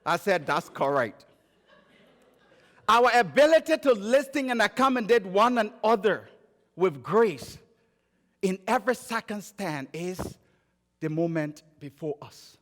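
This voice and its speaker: A man from Liberia with a Liberian accent, preaching a sermon and telling stories, moving between emphatic raised phrases and quiet low ones. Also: big pitch swings, measured pace, long pauses. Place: church sanctuary. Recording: church sanctuary with long reverb.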